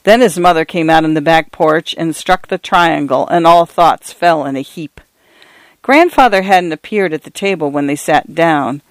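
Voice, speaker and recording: Steady male audiobook narrator. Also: a little high, clear, resonant tone, dry recording. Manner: measured storytelling, shifting tone slightly for characters. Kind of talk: scripted narration of a novel.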